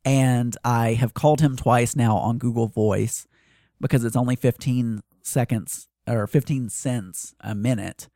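Man, podcast host, rambling monologue, hesitant, self-deprecating, mid-pitched voice, dry recording. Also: steady tone, unhurried, dark tone, no echo. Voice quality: hesitant, full of fillers and restarts.

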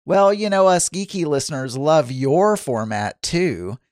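A podcast host from Arkansas runs a relaxed solo show, reading listener messages and chatting about them. His fairly high voice swings up and down a lot and moves a little slowly, recorded dry and close with no room echo. He's chatty and self-deprecating, laughing and restarting often.

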